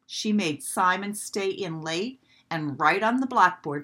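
A woman reading a children's storybook aloud in a gentle, expressive way. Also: medium pitch, unhurried, few pauses, slightly rough.

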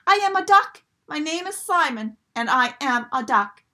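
A woman doing an excited little duckling boy. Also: high-pitched, a little slow, pitched above the performer's own voice, exaggerated voice. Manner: excited, exclaiming. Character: young boy turned eager duckling.

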